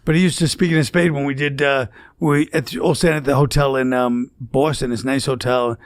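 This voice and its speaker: A man recalling an anecdote in casual chat, halting and full of restarts. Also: medium pitch, steady tone, dry recording, clean studio sound. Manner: halting, with many fillers and restarts.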